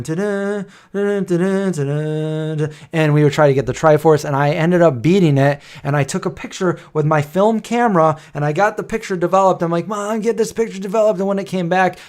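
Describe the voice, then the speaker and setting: A man in his forties hosting a late-night livestream, telling rambling, playful nostalgic stories and singing old jingles. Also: a little high. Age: 40s. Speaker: livestream host. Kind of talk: casual nostalgic storytelling to chat.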